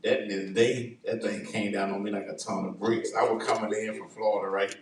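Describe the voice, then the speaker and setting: A man hosting a church talk show, telling a story in a lively, dramatic way with laughter. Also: lowish voice, fairly quick, noisy background. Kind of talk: animated storytelling in casual chat. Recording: roomy sound from a distant mic.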